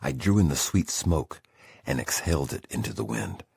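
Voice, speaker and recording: Super deep raspy guy reading a memoir, husky, lots of ups and downs. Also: animated, moderate pace, a little mellow, dry recording. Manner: intense, emotional first-person storytelling. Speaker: audiobook narrator. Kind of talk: scripted memoir narration.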